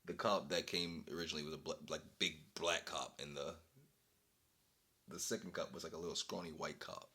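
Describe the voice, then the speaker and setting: A young man vlogging, telling an exasperated story in a casual, animated way and breaking into laughter. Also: a bass voice, a little fast.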